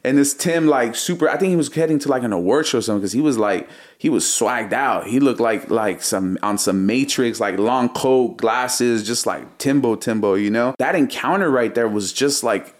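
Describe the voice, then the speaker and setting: A man in his thirties, a music producer as interview guest, telling a story in a slangy, animated way and acting out what he said back then. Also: medium pitch, normal speed, few pauses.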